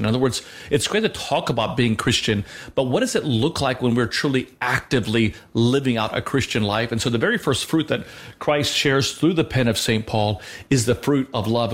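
An earnest man in his thirties talks through a teaching on a Christian talk show in a conversational style. His ordinary mid-pitched voice leans on fillers, and he restarts sentences as he thinks aloud.

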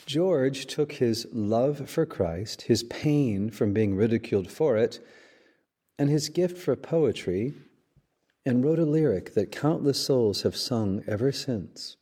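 A priest hosting a podcast, giving a measured sermon-style reflection with dramatic storytelling. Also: male voice, mid-range voice, lively intonation, warm tone, husky.

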